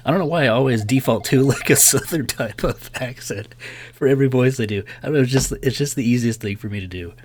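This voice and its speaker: A man's voice: mid-range voice, fast, darkish tone. A man giving casual game commentary, chatty and thinking aloud, laughing often. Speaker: let's play host.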